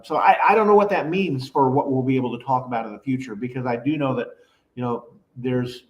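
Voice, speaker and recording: A man talking in an echoey room, his voice at an ordinary middle pitch. He is a guest on someone else's podcast and explains his show's plans in a measured way, with the odd joke. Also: a little mellow. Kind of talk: casual chat.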